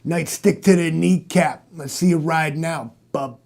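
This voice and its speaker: A man's voice: a little high, a little slow, vocal fry, a little mellow. A man doing a brash, bullying tough-guy cop. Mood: bragging. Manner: cocky and bullying, jabs with "Doc".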